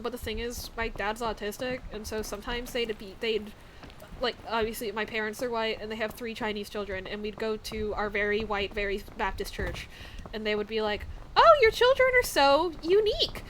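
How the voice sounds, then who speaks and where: A woman's voice: a little high, flat delivery, normal speed, a bit bright, a little hiss or hum. A young woman from the American South, chatting casually on a live stream, rambling with lots of fillers and frequent laughs. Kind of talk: casual chat.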